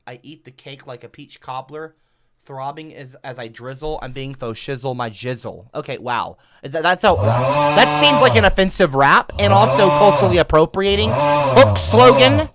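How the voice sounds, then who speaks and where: A man livestreaming through a headset, exasperated, swinging between mumbling and shouting at his chat. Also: on the high side, lively intonation, a little slow, slight background noise. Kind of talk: livestream rant.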